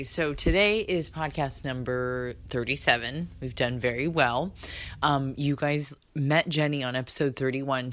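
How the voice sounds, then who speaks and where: A woman's voice: very deep voice, fairly bright tone. A woman hosting a podcast in casual chat, bubbly and rambling, laughing often, recorded indoors. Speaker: podcast host. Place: indoors in London.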